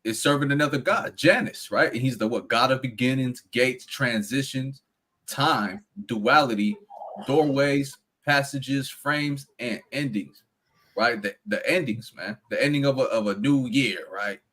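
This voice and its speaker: A man's voice: mid-range voice, unhurried. Laid-back guy in a religious chat, says man a lot, mid voice. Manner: relaxed, laughs easily, fills with "man". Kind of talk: casual religious discussion.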